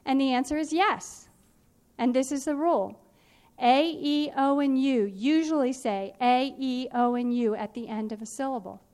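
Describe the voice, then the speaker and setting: A woman teaching a phonics and spelling workshop, explaining in a clear, patient, instructive way. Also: high-pitched, normal speed, darkish tone.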